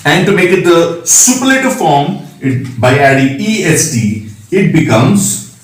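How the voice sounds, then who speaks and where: A man's voice: a little high, very animated, a little slow. A man teaching a recorded grammar lesson, patiently spelling out letters and checking in with "right?". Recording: echoey room, mic at a distance.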